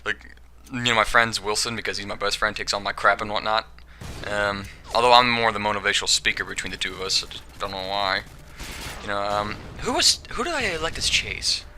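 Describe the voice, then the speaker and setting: A man's voice: on the low side, level tone, brisk, sharp tone, slight background noise. A young man giving casual, rambling gameplay commentary, joking and giggling as he goes. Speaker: gaming commentator.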